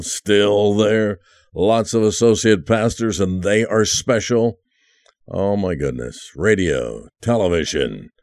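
Older male pastor, deep and earnest, dry studio read. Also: no room sound. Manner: earnest, emotional storytelling, drops to hushed tones. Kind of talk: testimony sermon.

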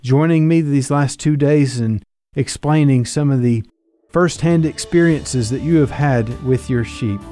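A man's voice: medium pitch, a little slow, mellow, faint music behind. A man hosting a Christian radio interview, speaking earnestly and reflectively and drawing on scripture. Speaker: radio show host.

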